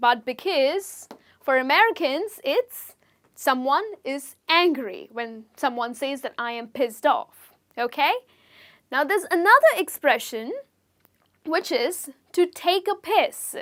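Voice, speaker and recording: In this video lesson, an English teacher from India walks through slang with stories, pausing often to ask "okay?". She's a young woman with a high, fairly bright, expressive voice, chatty and unhurried.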